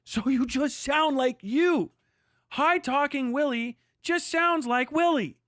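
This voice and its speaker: A man's voice: very high voice, slow, a bit bright, no echo, clean studio sound. A man ranting on a live stream, reacting to a video with profane, mocking commentary.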